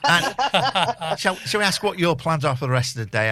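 Male radio co-host, playful teasing banter, very expressive pitch. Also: normal speed, no room sound. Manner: teasing, animated. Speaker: radio co-presenter.

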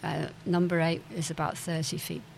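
A woman's voice: lowish voice, flat delivery, normal speed, gravelly, a little mellow, a little hiss or hum, low-quality recording. An older woman telling stories from her past in an interview, hesitant, with many fillers and restarts. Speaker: interview guest, former club owner's daughter. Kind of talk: reminiscing interview.

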